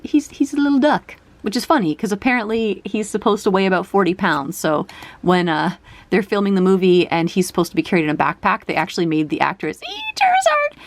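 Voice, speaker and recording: Brief: bubbly young woman vlogger, lively pitch that leaps into squeaks, dry close sound. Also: creaky, no room sound. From country using kilograms. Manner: chatty, squeals high over cute cards. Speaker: card collector vlogger. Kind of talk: casual card unboxing chat.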